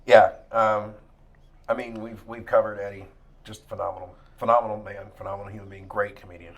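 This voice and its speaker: A man's voice: lowish voice, flat delivery, fairly quick, muffled recording. A man co-hosting a comedy podcast, talking in crude, rambling banter and laughing often. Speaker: podcast co-host.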